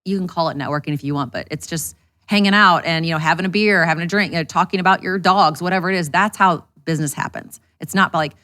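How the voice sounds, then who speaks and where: A woman entrepreneur chats on a podcast at a rapid clip. Her voice sits a little low and her talk is frank and unfiltered, with the odd curse. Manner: rapid, animated, candid with swearing. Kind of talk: casual podcast conversation.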